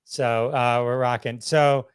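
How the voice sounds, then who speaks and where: A man's voice: mid-range voice, level tone, slow pace, clean tone, dry recording, studio quality. A man hosting a podcast, bantering loosely and greeting live viewers. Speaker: podcast host. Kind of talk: casual podcast chat.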